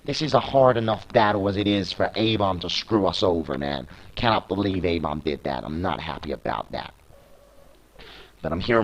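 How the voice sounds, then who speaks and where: Excitable young male wrestling commentator. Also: low-pitched, low-quality recording. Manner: shouts in disbelief, indignant; informal, talks fast at big moments.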